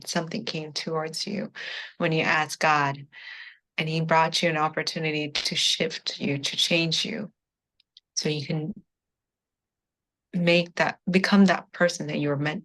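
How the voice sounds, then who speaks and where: Woman near tears telling her story, earnest, lowish voice, keeps saying "i was like". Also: a bit bright. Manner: earnest, spiritual, repeats "I was like". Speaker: coaching client giving a testimonial. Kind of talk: emotional testimonial interview.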